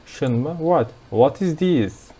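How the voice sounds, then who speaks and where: A man's voice: on the high side, lively intonation, slow pace, mellow, slightly rough. A young man with a Turkish accent teaching a language lesson, explaining patiently and repeating words as drills.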